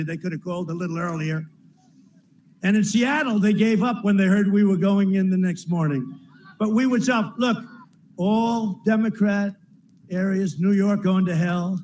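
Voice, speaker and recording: A man's voice: high voice, a little mellow, slight background noise, poor audio. A man giving a campaign rally speech, rambling and repetitive, with frequent asides to the crowd. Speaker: politician addressing a rally. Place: large rally venue.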